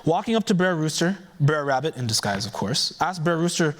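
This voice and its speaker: A man's voice: a little high, brisk, slight background noise. Man telling a folktale with casual asides. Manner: relaxed, conversational asides. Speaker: keynote speaker. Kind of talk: oral storytelling.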